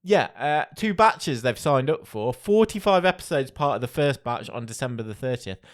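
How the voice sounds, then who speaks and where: A man's voice: medium pitch, expressive, normal speed. A man, co-hosting a casual podcast and reading out entertainment news. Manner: chatty, reads out news items. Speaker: podcast co-host. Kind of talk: casual chat.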